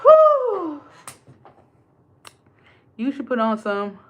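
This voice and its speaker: A woman with a slightly high voice talks straight to her livestream viewers. She is blunt, emphatic and profane, ranting in a casual chat. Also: moderate pace, dull audio. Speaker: livestream host.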